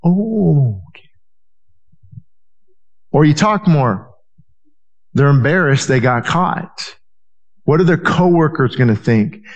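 Earnest, higher-voiced male pastor preaching. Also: expressive, slow pace, pauses often, lo-fi sound. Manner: earnest, repetitive, restarts phrases, acts out quoted voices. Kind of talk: sermon.

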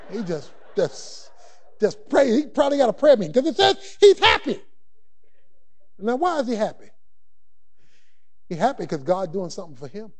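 Animated high-voiced man preaching. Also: moderate pace. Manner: animated, shouting bursts and colloquial asides. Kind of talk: sermon.

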